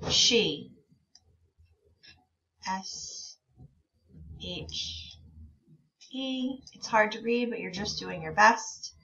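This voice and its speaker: Woman teacher reading with little kids, super slow and encouraging, dull lo-fi sound a bit off mic. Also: medium pitch, fairly bright tone, distant mic. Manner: slow, encouraging, reads words out very slowly. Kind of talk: reading lesson for young children.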